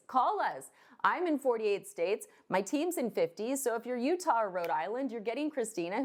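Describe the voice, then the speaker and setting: A woman loan officer ranting to camera in a vlog, blunt and fired up, swearing now and then. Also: a little high.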